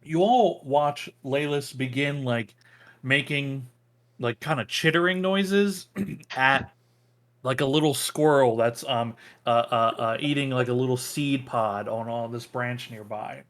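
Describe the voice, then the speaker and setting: A young man runs a tabletop game, describing the scene in an unhurried, halting way. His voice sits at an ordinary pitch, and ums and likes crowd his sentences. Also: fairly bright tone. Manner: hesitant, full of ums and likes. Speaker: game master.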